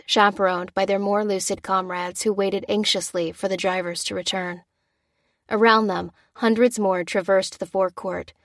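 A woman reading an audiobook with steady, even storytelling narration. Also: medium pitch, no room sound, studio quality.

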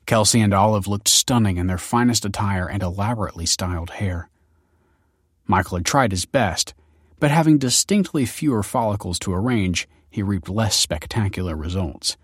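Brief: male audiobook narrator, low pitch, dry close sound, even delivery. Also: dry recording. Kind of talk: scripted narration.

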